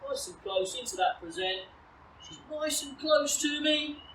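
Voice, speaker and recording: A woman teaching puppy recall outdoors, explaining calmly and switching to high, bright praise when she calls the dog. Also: measured pace. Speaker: dog trainer. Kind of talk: outdoor training demonstration. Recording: roomy, distant, faint ambient noise.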